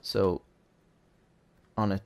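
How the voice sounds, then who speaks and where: A man hosting a relaxed, chatty game tutorial, thinking aloud as he plays. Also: extremely slow. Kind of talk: casual gameplay tutorial.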